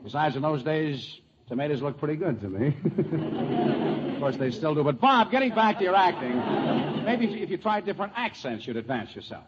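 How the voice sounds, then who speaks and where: A man hosting a 1940s radio comedy with a jovial manner and quick laughs. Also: a little high, lively intonation. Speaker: comedy show host. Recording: lo-fi old radio broadcast with hiss.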